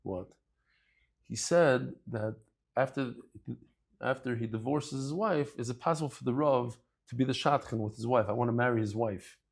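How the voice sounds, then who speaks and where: A man giving a daily Talmud lecture, conversational and lively, acting out bits of dialogue as he explains with everyday examples. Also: medium pitch, creaky, husky. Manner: lively, acts out dialogue in quick asides. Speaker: Talmud teacher.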